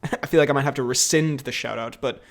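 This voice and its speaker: A man's voice: medium pitch, quick pace, creaky. A young man co-hosting a podcast in casual chat, joking around and laughing often. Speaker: podcast co-host.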